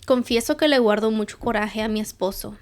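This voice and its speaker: A woman co-hosting a podcast in casual chat, reacting with quick interjections. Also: on the high side. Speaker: podcast co-host.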